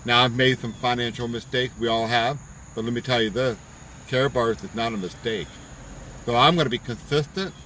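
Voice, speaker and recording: A man's voice: medium pitch, a little fast, sharp tone, slight background noise, poor audio. A man giving a fervent, preachy pep talk on a live stream from his parked car, repeating himself for emphasis. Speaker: business promoter on live stream. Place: parked car at a park outdoors.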